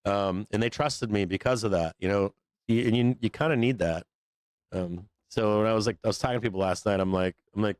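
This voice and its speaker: A man's voice: lowish voice, brisk, no room sound. A man hosting a live show, ranting casually in a rambling, profane way and laughing often between points. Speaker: livestream host.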